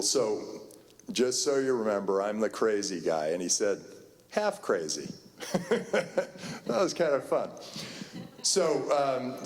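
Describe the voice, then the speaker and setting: A man giving a keynote talk, telling a rambling anecdote full of fillers and restarts. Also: fairly low pitch. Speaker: keynote speaker. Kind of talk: conference keynote storytelling. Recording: long hall reverb.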